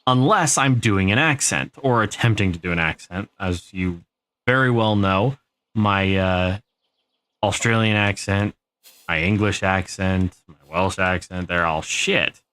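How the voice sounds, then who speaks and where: A man's voice: deep voice, a little slow, fairly bright tone. A man live streaming a game, telling a rambling, profane story to his chat. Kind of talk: casual storytelling while gaming.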